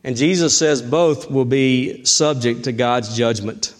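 A middle-aged man preaching a sermon, emphatic and rising in pitch on key points. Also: measured pace. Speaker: pastor.

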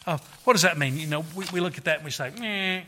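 Earnest high-voiced man preaching, hall reverb. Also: rapid-fire, bright, forceful tone, slight background noise. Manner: earnest, repeats words, acts out quotes with raised voice. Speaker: pastor. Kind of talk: sermon.

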